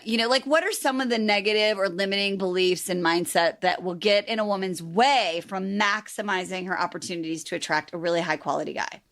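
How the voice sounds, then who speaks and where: Woman, middle-aged, podcast host, chatty, upbeat, casual, mid-pitched. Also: a little fast, hardly any pauses, a bit bright. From American Midwest. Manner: bubbly, chatty, swears freely, lots of "like". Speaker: podcast host and dating coach.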